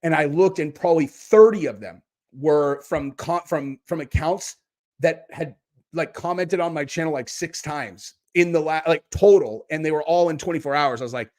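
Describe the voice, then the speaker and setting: A man hosting a livestream in casual chat, rambling, excitable and swearing constantly. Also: a little high, moderate pace. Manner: profane, rambling and excitable, with many restarts. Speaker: livestream host.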